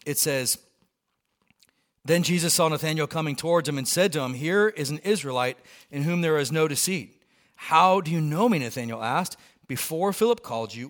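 A male pastor preaching a sermon in a casual, conversational way, acting out the people in the story. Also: on the high side. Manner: conversational, acts out quoted lines with lively voices.

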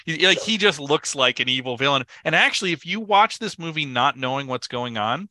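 A man co-hosting a podcast, discussing a film in an animated way, with chuckles and lots of filler words. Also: fairly high pitch, fairly quick, no room sound. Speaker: podcast co-host.

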